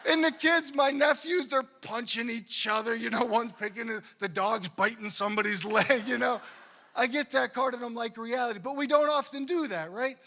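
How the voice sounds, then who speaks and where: A high, bright male voice belongs to a young priest speaking at a conference. He jokes with the audience and slips into other people's voices to act out their lines. His stories carry the talk forward. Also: moderate pace. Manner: animated storytelling, acts out people's lines. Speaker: Catholic priest. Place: conference hall.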